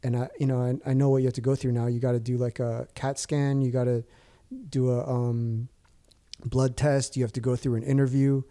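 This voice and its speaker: A man's voice: mid-range voice, level tone, brisk, warm tone. A man in his forties, a podcast guest telling a story in casual chat, rambling with restarts and fillers.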